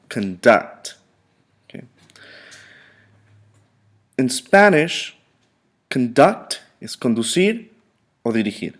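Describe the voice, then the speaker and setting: A man teaching a word-of-the-day vocabulary lesson to students, repeating words slowly and checking in often. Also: mid-range voice. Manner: slow, repetitive drilling with frequent "okay".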